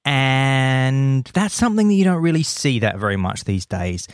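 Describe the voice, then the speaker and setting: A man's voice: medium pitch, lively intonation, moderate pace, no room sound, studio quality. A man hosting a podcast in casual chat, enthusiastic and playful, often repeating lines for effect. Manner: enthusiastic, repetitive listing, playful. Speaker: podcast host.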